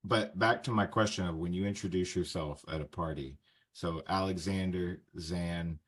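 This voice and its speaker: A man's voice: low-pitched, moderate pace. A man in his thirties from the United States, hosting a casual interview podcast and asking friendly questions. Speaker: podcast host.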